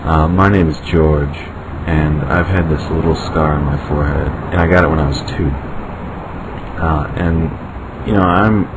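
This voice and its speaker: Man, 20s, very deep voice, joking self-mocking storyteller. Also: fairly even intonation, moderate pace. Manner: joking, self-deprecating, rambling. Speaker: interviewee telling a personal story. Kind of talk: personal storytelling. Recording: clear background noise.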